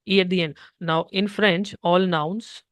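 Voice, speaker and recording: A man's voice: sits high, steady tone, a little slow, a bit bright, dry recording. A young man with an Indian English accent teaching French one-on-one, patiently explaining step by step and slipping into Hindi. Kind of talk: one-on-one language lesson.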